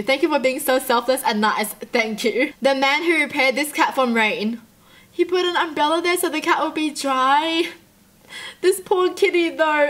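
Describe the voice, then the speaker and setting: High-voiced gushing young woman. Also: fairly bright tone. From Australia. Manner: gushing, sentimental, laughs often. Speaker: YouTube reaction host. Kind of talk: emotional reaction commentary.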